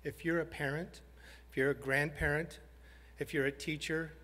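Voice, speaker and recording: A man, a high school principal, giving a heartfelt banquet speech and telling a story with some halting pauses. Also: flat delivery, a bit bright. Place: large banquet hall. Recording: hall reverb.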